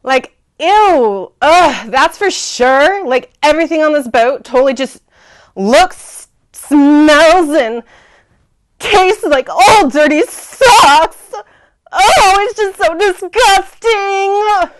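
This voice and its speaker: Woman, valley-girl drawl, very high and lively. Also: slow pace, no room sound. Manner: valley-girl "like" talk, giggly. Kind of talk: improvised pirate comedy skit.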